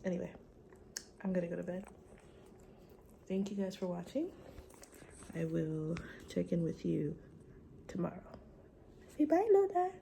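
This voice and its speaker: A woman's voice: fairly low pitch, fairly even intonation, measured pace, gravelly, long pauses, dark tone. Candid young woman vlogging on a noisy street. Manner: candid, gossipy, swears freely. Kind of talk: casual vlog chat.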